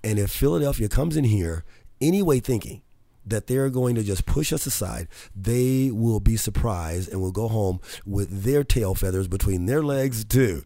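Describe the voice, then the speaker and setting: A man hosting a radio talk show, moving from a motivational monologue into excitable, chatty banter with frequent laughter. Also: lowish voice, moderate pace, dry recording.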